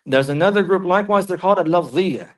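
A man giving a religious lesson, reading Arabic passages quickly and then translating and explaining them slowly, often repeating himself and checking that listeners follow. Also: high-pitched. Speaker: religious teacher. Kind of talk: classroom lecture explaining a text.

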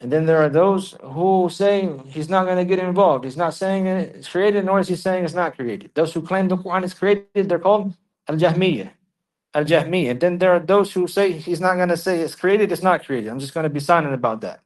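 A man giving a religious lesson, reading Arabic passages quickly and then translating and explaining them slowly, often repeating himself and checking that listeners follow. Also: high-pitched. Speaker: religious teacher. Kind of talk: classroom lecture explaining a text.

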